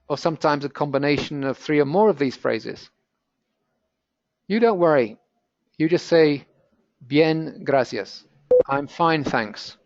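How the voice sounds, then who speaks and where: A man's voice: a little high, no room sound. A man teaching a Spanish lesson in a webinar, explaining in a practical, conversational way with asides. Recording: dull, lo-fi webinar audio.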